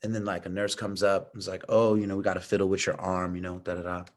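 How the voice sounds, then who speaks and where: A middle-aged man telling a personal story in casual chat, animated and slangy, acting out what others said. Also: low-pitched, fast talker. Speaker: podcast guest.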